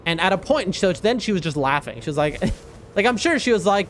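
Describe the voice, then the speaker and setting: A man's voice: fairly high pitch, lively intonation, fast, a bit bright, slight background noise. A man chatting casually as a game streamer, telling a rambling story and reacting to his gameplay with frequent laughs and restarts.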